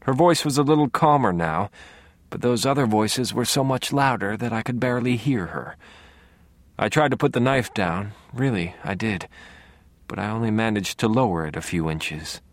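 A man narrating an audiobook in the first person, in a low-key, measured way, close to the mic. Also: lively intonation, no echo.

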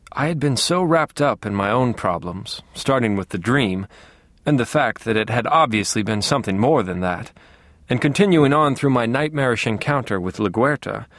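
A man's voice: mid-range voice, a bit bright, no echo. Dry, wry male audiobook narrator. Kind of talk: first-person audiobook narration.

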